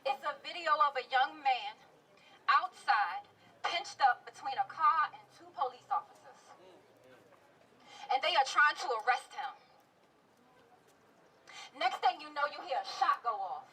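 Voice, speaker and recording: High, bright woman poet outdoors. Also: lively intonation, measured pace, long pauses. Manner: emotional, building to cries. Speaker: poet speaking at a rally. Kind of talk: spoken-word poetry performance. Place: outdoors at a street rally. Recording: distant outdoor mic with noise.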